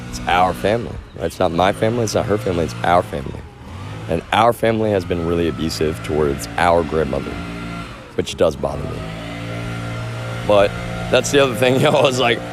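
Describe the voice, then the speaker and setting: Rambling, profane man streaming outdoors. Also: fairly low pitch. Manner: rambling, profane, keeps saying "y'all". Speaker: live streamer. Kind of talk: rambling live-stream monologue. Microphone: phone.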